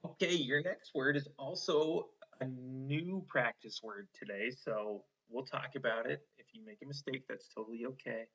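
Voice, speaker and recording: A man teaching an online phonics lesson to children, slow and encouraging, stretching out each sound. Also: medium pitch, a bit bright. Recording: slightly dull lo-fi online lesson audio.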